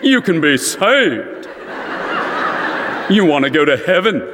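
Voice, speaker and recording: A man's voice: on the high side, sing-song, big-room sound, background noise. A man doing an impression of an evangelist preacher with a North Carolina accent, drawn out and pleading. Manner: slow, drawn-out preaching cadence. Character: slow-spoken Southern evangelist preacher, man.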